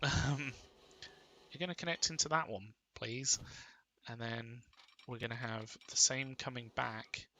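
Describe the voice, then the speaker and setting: A man's voice: medium pitch, measured pace, creaky, sharp tone, dry recording, muffled recording. A man giving casual commentary while playing a game, muttering to himself and getting mildly exasperated. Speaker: gaming video creator.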